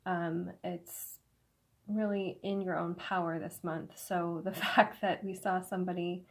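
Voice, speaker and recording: A woman giving a casual tarot reading, slightly hoarse, with halting speech full of fillers and soft laughs, in an indoor room. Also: fairly low pitch, flat delivery. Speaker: tarot reader. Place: indoor room with incense smoke.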